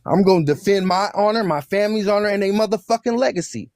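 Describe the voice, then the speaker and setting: A man's voice: high voice, fast talker, darkish tone, dry recording, studio quality. A man arguing heatedly in a live online debate, aggressive and profane, repeating himself and hurling threats. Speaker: social media personality in a live debate.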